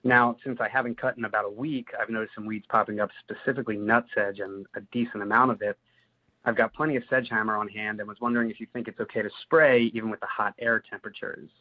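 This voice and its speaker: Low-voiced New Jersey man on a tinny line. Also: steady tone, fast talker. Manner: detailed and methodical, some "uh" fillers. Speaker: caller. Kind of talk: recorded listener question. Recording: tinny phone-line recording.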